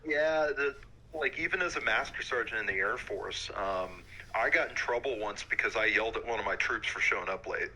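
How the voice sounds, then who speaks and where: A man in his thirties, an Army warrant officer, talking frankly in a relaxed interview with many fillers. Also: on the low side, a little fast, slight background noise, low-quality recording. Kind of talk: casual interview.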